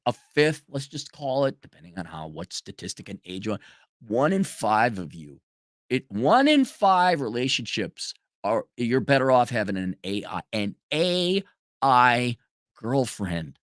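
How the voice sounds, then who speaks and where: In a clean studio recording with no room sound, a man with a mid-range, fairly bright voice hosts a commentary stream. He rants profanely and sarcastically, mocking people with put-on voices.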